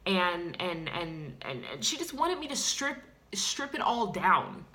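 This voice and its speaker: A woman's voice: fairly low pitch, sing-song, slow, bright, forceful tone, exaggerated voice. A woman playing a self-pitying woman who identifies as a clown, in a comedic character vlog, sighing and ranting with dramatic outbursts. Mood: indignant.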